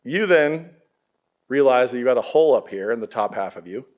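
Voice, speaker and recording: Middle-aged male pastor, casual and lively sermon delivery, quizzes his student audience. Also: mid-range voice, fairly quick.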